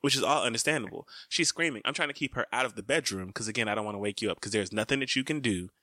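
A man's voice: mid-range voice, racing, pushed and bright, no echo. A young man co-hosting a casual chat, animatedly acting out his own lines as he tells a story. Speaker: podcast co-host.

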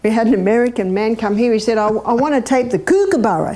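Older woman, health educator, warm mellow tone, lively and questioning. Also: on the high side, fast. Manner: lively, imitates bird laughs, asks the audience questions. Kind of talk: animated teaching talk.

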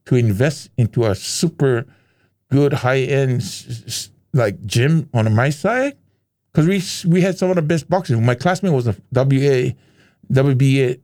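A man's voice: medium pitch, a little slow. Laid-back storyteller man. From Hawaii. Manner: animated, laid-back storyteller who slips into voices. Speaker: guest. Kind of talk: casual interview storytelling.

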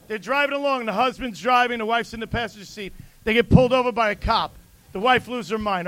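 A man who is a comedian, telling jokes in casual chat with deadpan punchlines. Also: very high-pitched, quick pace, no echo. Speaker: comedian guest.

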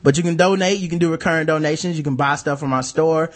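Slightly high-voiced man hosting casually. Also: fast talker. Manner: relaxed, profane, many ums and uhs. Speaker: podcast host. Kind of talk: casual chat.

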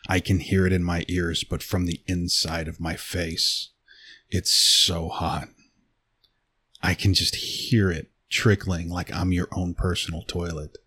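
A man telling an intimate second-person erotic story, with a slow, teasing delivery into a close mic. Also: low-pitched, fairly bright tone, breathy edge.

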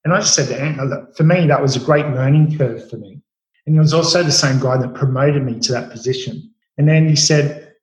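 Middle-aged man, working chef, relaxed rambling storyteller, roomy echoey sound. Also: fairly high pitch, brisk. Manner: relaxed, rambling, many fillers and restarts. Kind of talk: storytelling interview answers. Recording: roomy echo.

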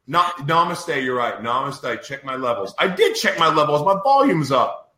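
A man's voice: fairly high pitch, very animated, normal speed, pushed and bright, roomy sound. A man hosting a podcast in a casual live-stream chat, exasperated and ranting over technical trouble. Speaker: podcast host.

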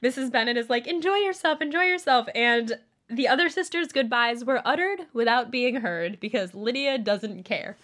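A woman's voice: a little high, animated, moderate pace, a bit bright. A woman co-hosting a casual book discussion, chatty, laughing and swearing casually as she recaps. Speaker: podcast co-host.

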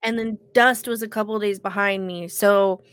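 A woman co-hosting a podcast, still congested from illness, telling an animated story with casual swearing. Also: mid-range voice, normal speed, clear, resonant tone, no echo, clean studio sound. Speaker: podcast co-host.

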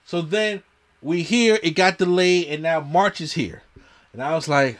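A man's voice: sits high, sing-song, normal speed. Emphatic slangy podcast host man. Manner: emphatic storyteller, slangy, repeats himself. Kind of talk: casual movie chat.

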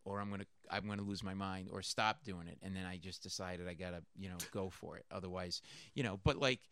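Man, comedian guest, radio studio, rambling animated storytelling, bright voice, dry sound. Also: sits low, fairly quick, clear, resonant tone, dry recording. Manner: animated, rambling, acts out voices in his stories. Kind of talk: storytelling anecdote in a radio interview.

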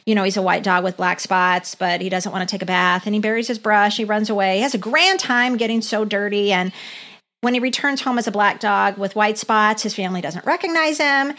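A woman's voice: mid-range voice, fairly quick, fairly bright tone. A woman co-hosting a podcast, chatting enthusiastically about a favorite childhood book. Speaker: podcast co-host. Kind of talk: casual chat.

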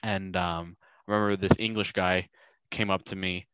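A deep-voiced man chatting casually. He rambles through his stories, filling the pauses with ums and uhs. The sound is dry and close, with no room echo. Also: level tone, fairly bright tone, smooth, highs cut off. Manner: rambling storyteller, many ums, acts out quotes. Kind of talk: casual chat.

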